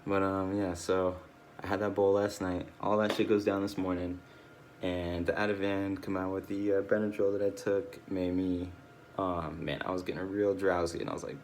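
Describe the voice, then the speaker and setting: A man's voice: low-pitched, little pitch movement, moderate pace, darkish tone, a little hiss or hum. A tired, drowsy man rambling through a casual personal video log, swearing often and losing his train of thought. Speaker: video diarist.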